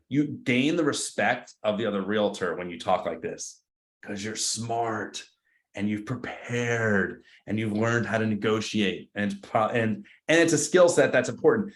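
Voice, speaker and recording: A man's voice: medium pitch, measured pace. A man running a live team training in an echoey meeting room. He talks loose and slangy, with a mid-range voice, and switches into little acted-out phone calls. The room rings a bit around him. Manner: casual, slangy, acts out both sides of phone calls. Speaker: real estate team trainer. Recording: roomy echo.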